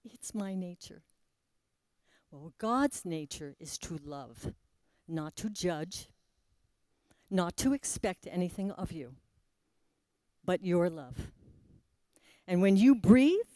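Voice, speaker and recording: A woman giving a spiritual talk to a live audience. She speaks slowly, pauses often, drops suddenly to a soft voice and puts questions to the listeners. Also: medium pitch, no room sound. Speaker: spiritual teacher.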